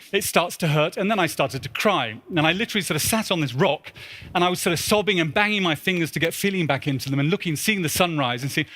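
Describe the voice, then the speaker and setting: A man giving a storytelling talk to an audience in a large church, animated and a little out of breath, acting out his own pleading voices. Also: fairly high pitch. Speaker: speaker at a symposium.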